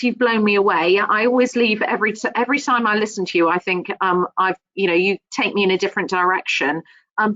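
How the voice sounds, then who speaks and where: A woman hosting a webinar, hesitant with many pauses and effusive in her thanks. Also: on the low side, fairly bright tone, no room sound, muffled recording. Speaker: webinar host.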